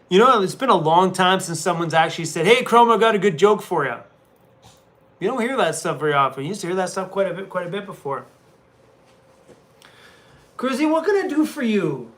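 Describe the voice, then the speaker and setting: Talking to his dog and laughing a lot, this man streams live from a hotel room as a van-life vlogger, chatting casually with viewers. He has a high, fairly bright voice.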